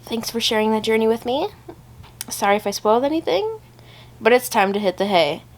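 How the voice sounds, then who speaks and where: A woman's voice: on the high side, animated, fairly quick, slight background noise. A young woman chatting casually in a reading vlog, rambling and gushing with lots of fillers. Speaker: vlogger.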